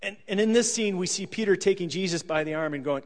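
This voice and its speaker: A man's voice: sits high, fast. A male preacher giving a casual, conversational sermon, joking and acting out scenes as he tells them. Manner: conversational, jokey, acts out scenes. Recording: long hall reverb.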